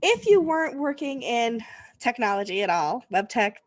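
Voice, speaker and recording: A woman's voice: on the high side, sing-song, moderate pace, no echo. A woman, hosting a casual interview chat and laughing often. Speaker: podcast host.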